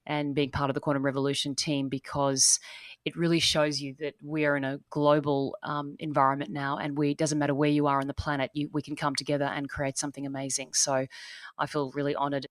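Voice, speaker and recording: An Australian woman talks as a podcast guest, and her voice sits low in pitch. She comes across as chatty and enthusiastic, often restarting her sentences. The sound is dry and close. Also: level tone, a little fast, no room sound. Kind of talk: casual interview chat.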